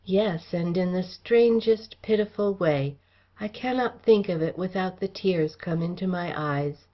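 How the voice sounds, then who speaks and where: A woman doing a courteous young gentleman heir in an audiobook, polite and guarded in his old-fashioned phrasing. The voice sits low, and the recording sounds dull and lo-fi. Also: measured pace. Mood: smooth, guarded. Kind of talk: audiobook character reading.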